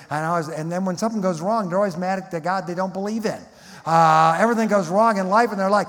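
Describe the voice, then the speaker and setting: A man's voice: high voice, quick pace, a bit bright. A man teaching a Bible lecture in a sermon style, emphatic and fond of rhetorical questions. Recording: long hall reverb.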